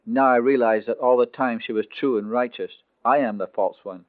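A man's voice: medium pitch, normal speed, dry recording, close to an everyday voice. A man playing an anguished remorseful young carpenter. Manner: anguished, pleading. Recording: tinny phone-like dry recording.

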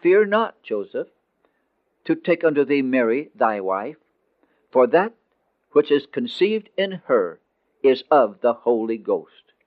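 A man's voice: medium pitch, sing-song, takes it slowly, pauses often. A man voicing a mighty male angel from heaven who speaks in a solemn, commanding, archaic way. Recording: tinny phone-like dry recording.

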